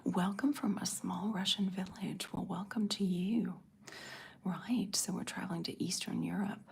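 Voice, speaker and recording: A middle-aged woman hosting an ASMR livestream, answering chat in a soft breathy whisper. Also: lowish voice, fairly even intonation, a little slow, slight background noise.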